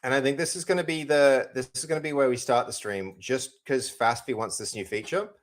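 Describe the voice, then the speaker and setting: Young male streamer, loose rambling talk to chat while he codes, mid-pitched. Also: a little fast. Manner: rambling, talks to chat, lots of restarts. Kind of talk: casual live-stream chat while coding.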